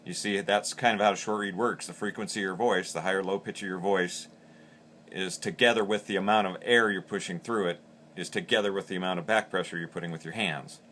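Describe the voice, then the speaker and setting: Low, bright-toned man explaining plainly. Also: steady tone, brisk, slight background noise. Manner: plain, practical, explains step by step with repeated words. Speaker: call maker instructor. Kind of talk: instructional demonstration.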